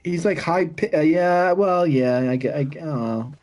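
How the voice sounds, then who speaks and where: A man's voice: on the high side, normal speed, darkish tone. A man co-hosting a podcast, chatting casually while playing a game, rambling and swearing often. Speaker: podcast co-host. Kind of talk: casual chat while gaming.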